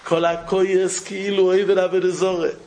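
Man, rabbi-style Torah lecture, parable storytelling, emphatic repetition, fairly high pitch, faint room noise. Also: level tone, normal speed, a little mellow, rough recording. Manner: storytelling, mixes Hebrew and Yiddish terms, repeats phrases for emphasis. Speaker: rabbi giving a talk.

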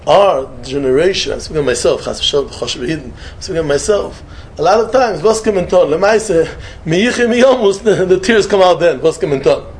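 A man giving a sermon, telling a story and mixing in Hebrew and Yiddish phrases, jumping between loud emphatic lines and soft murmured asides. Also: on the high side, animated, fairly quick, a little hiss or hum. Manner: peppers English with Hebrew and Yiddish words, short repeated phrases. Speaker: rabbi giving a talk.

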